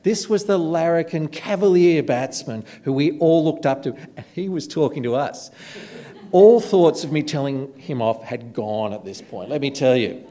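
A man giving a sermon, telling stories in an animated, self-deprecating way. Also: a little high, normal speed. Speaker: preacher. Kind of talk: storytelling sermon.

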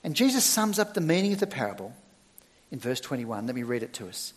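A middle-aged male church minister preaching a sermon, with emphatic, expressive delivery and sudden loud stresses. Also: medium pitch, fast, in a large hall.

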